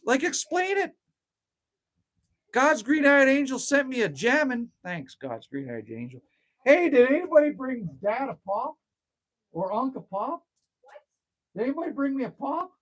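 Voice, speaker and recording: A man's voice: very high-pitched, very animated, measured pace, long pauses, fairly bright tone. A middle-aged man hosting a casual livestream from a cabin, rambling and ranting, reading out viewer comments and swearing freely. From Canada. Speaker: livestream host. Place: outdoors at a cabin. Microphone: phone livestream.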